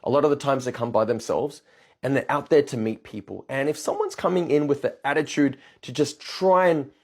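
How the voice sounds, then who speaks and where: A man's voice: mid-range voice, brisk, gravelly. A man who works as a dating coach, telling a blunt, profane story in a storytime rant.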